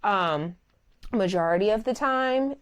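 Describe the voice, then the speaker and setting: A young adult woman telling a story on her podcast in a casual, animated way, calling listeners "child" and "baby.". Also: measured pace, clean tone. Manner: animated, expressive, swoops high when quoting others. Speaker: podcast host and dog groomer.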